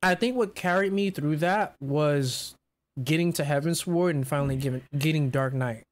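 A man co-hosting a podcast, chatting casually and telling animated, profanity-laced stories. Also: on the high side, normal speed. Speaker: podcast co-host. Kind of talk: casual chat.

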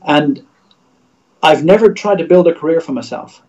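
A middle-aged Christian radio executive appears as a guest in a livestream interview over a video call, and the recording is muffled. His voice is a little high and darkish at a normal speed, and he speaks earnestly like a preacher, repeating phrases.

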